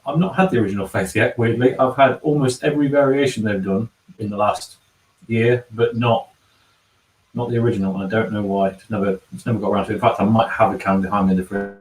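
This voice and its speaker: A man's voice: on the low side, steady tone, fairly quick, darkish tone. A man hosting a casual livestream from a bar, reading out chat comments and humming filler syllables between them. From England. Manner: chatty, hums filler syllables while scrolling comments. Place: bar and kitchen. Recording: echoey room, from a distance.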